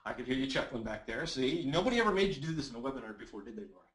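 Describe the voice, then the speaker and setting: Guy running a webinar on voice, mid-pitched, upbeat and encouraging, roomy echoey sound. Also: rapid-fire. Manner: energetic and encouraging, reads audience comments aloud. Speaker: webinar presenter and voice coach. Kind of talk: live webinar teaching.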